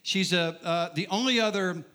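A middle-aged man preaching to a crowd, with a high voice that rings bright and forceful. He tells his story with humor and keeps checking in with the listeners. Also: normal speed. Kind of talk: sermon testimony.

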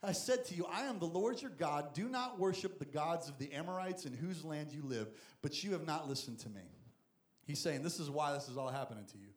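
A man preaching a lively, jokey sermon as a youth pastor, acting out Bible stories. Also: on the high side, brisk, reverberant. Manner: energetic, jokey, acts out Bible figures.

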